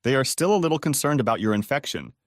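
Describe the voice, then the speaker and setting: A man's voice: mid-range voice, sing-song, fast, no room sound, clean studio sound, close to an everyday voice. A man playing a courteous police inspector. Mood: formal. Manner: formal, courteous. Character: British police inspector, middle-aged man, polite.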